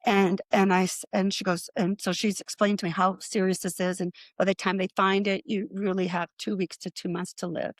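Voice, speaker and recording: A middle-aged woman tells her story in a casual, animated way and keeps slipping into the voices of the people in it. Her pitch sits in the middle for a woman. The recording is close and dry. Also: a little fast, few pauses, dry recording. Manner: animated, acts out quoted voices with rising pitch. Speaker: guest.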